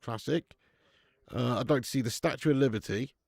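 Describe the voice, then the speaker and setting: A man hosting a live football watch-along, chatting in a sweary, jokey way and breaking into excited commentary. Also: medium pitch, a little fast, vocal fry, dry recording, studio quality. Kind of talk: live match commentary and chat.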